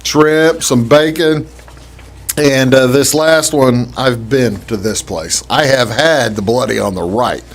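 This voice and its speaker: A man hosting a casual talk show, chatting in a halting way with many fillers and restarts. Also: mid-range voice. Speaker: host. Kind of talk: casual radio-style talk show chat.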